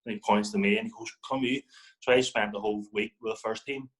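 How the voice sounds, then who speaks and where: On a low-quality recording, a young man from Northern Ireland talks quickly in a fairly low voice. As a football guest in relaxed conversation, he tells an animated story, swearing and voicing other people's words.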